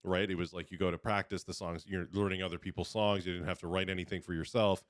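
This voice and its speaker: A man's voice: deep voice, little pitch movement, quick pace, dry recording, clean studio sound. A young man hosting a podcast, chatting casually and rambling with many restarts. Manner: rambling, self-correcting. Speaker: podcast host. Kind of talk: casual chat.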